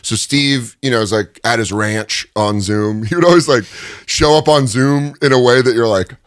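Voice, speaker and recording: A comedian's clear, resonant, mid-range voice comes through at a moderate pace in clean studio sound with no room sound. In a casual interview recorded in a studio, he tells stories animatedly, laughing often.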